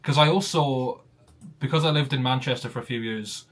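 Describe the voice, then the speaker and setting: A Welsh man hosting a relaxed live chat, his accent smoothed toward general British. He talks in quick, animated bursts and laughs a lot. His pitch sits in the middle range. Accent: Welsh, softened toward general British. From Wales. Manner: chatty, laughs often, animated. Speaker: host. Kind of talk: casual chat on a stream.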